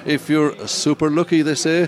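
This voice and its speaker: A man's voice: fairly high pitch, flat delivery, normal speed. A man in his fifties with a County Clare accent, co-hosting a radio show in a chatty, wry way. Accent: Irish, County Clare. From Ireland. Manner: chatty, wry, laughs at himself. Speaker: radio co-host. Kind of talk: casual radio chat.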